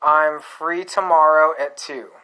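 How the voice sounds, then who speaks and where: A man's voice: fairly high pitch, steady tone, takes it slowly, sharp tone, clear, resonant tone, poor audio. A man reading the lines of a friendly young aspiring actress without changing his voice.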